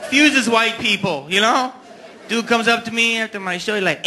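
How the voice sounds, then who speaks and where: A man performing a stand-up comedy routine on a live stage, telling stories with animated punchlines into a handheld mic. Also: very high voice, normal speed, slight background noise. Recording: live club recording with crowd laughter.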